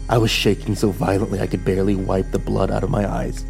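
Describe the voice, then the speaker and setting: A man reading a dark story aloud in the first person, with a low, measured, grim delivery. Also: flat delivery, gravelly. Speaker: narrator. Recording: faint background music.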